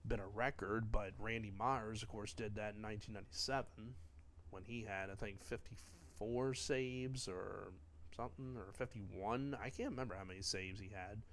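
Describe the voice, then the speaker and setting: A man's voice: lowish voice, steady tone, moderate pace, fairly bright tone, slight background noise. A man giving casual commentary over his own baseball video game, rambling through memories with many fillers and sometimes snapping in frustration at the game. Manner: bursts of frustration and swearing at the game. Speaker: gamer narrating his own play.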